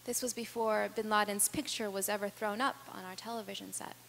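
A woman giving an earnest personal storytelling speech, with dramatic pauses that build in intensity. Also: mid-range voice, steady tone, creaky, fairly bright tone. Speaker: speaker. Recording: reverberant hall with faint hum.

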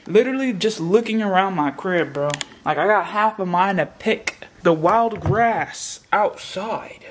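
Slangy woman vlogging in her kitchen, thinking out loud, dishes and pans clinking behind her. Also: medium pitch, animated, measured pace, a little hiss or hum. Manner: chatty, slangy, thinking aloud, slips into a put-on British accent. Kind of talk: casual vlog chat. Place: home kitchen.

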